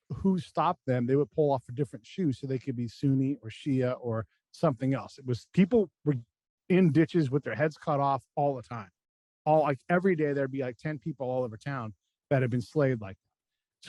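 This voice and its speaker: A man's voice: mid-range voice, a little mellow, dry recording. An American man, a former army combat spy, telling war stories as a podcast guest in a blunt, profane, casual way and acting out the lines of the people in them. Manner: blunt, profane, acts out quoted dialogue in his stories. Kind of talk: casual storytelling chat.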